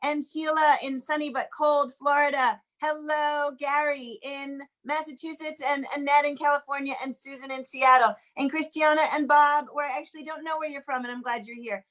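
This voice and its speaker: High-voiced woman hosting a video call. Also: fairly even intonation, normal speed, hardly any pauses, fairly bright tone. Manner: chatty, greets each viewer by name. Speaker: host of an online sing-along. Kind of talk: casual welcoming chat. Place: home, in Washington DC.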